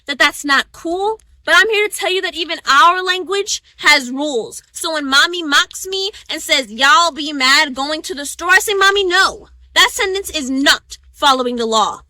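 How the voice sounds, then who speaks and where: A woman's voice: high-pitched, animated, normal speed, few pauses, sharp tone, no room sound. A young woman performing a spoken-word oratory speech, reciting with rhythmic, emphatic stresses. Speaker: student orator.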